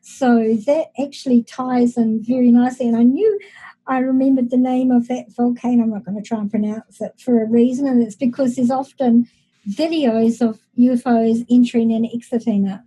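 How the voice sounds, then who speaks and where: A woman hosts a casual interview. She listens closely and asks follow-up questions. Her voice is husky and very dark-toned. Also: a little high, steady tone, moderate pace, rough recording. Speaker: podcast host.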